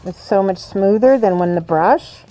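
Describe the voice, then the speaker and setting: A woman's voice: medium pitch, measured pace, dark tone. Chatty laughing woman thinking aloud. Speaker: livestream host painting models. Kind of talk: casual chat while working.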